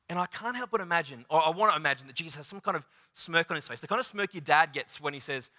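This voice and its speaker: Male preacher, bright ringing tone, theatrical sermon delivery that drops to near-whispers. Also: a little high, quick pace. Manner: dramatic, swings from loud to hushed, retells scenes in acted voices.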